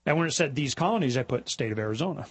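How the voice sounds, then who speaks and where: A middle-aged man hosting a talk show, telling stories in a rambling, animated way and mimicking other people in high mocking voices. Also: rapid-fire, slightly rough. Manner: rambling, with repetitions and restarts. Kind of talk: casual monologue.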